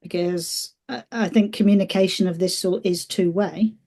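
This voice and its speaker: A woman co-hosting a casual podcast. Her voice is mellow and soft-edged. She teases the others and keeps pulling the discussion back on track. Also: on the low side, steady tone, normal speed. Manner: teasing, steers the discussion. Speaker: podcast co-host. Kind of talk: casual chat.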